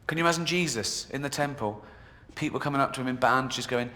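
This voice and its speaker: A man's voice: mid-range voice, quick pace, hardly any pauses, bright, forceful tone. A man performing a stand-up comedy routine in a comedy club, with a mocking, sarcastic delivery. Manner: mocking, sarcastic, jokey put-downs. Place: comedy club in a video game.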